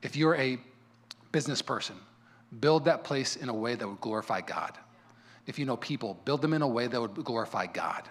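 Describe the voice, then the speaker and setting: A male pastor preaching a sermon in a fervent, fired-up manner with quick repeats. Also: medium pitch, animated.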